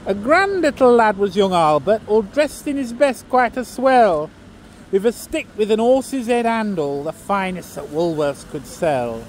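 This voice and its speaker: A man recites a comic poem aloud outdoors, slow and theatrical. His voice sits high, and he puts on a Lancashire accent. Faint street traffic hums behind him. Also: lively intonation. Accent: put-on Lancashire. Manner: storytelling, theatrical. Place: outdoors in a seaside town.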